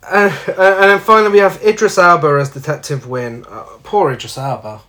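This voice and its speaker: A man's voice: a little high, steady tone, brisk, pushed and bright. Blunt, sarcastic man. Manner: blunt, sarcastic, swears often. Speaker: podcast co-host reviewing films. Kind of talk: casual film review chat.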